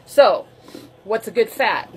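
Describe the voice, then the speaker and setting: A woman's voice: on the high side, lively intonation, slow pace, darkish tone, a little hiss or hum. A woman chatting casually on her vlog while she makes a coffee drink, moving around as she talks so her voice comes and goes. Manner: chatty, loose and conversational. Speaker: wellness vlogger. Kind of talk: casual cooking demo chat.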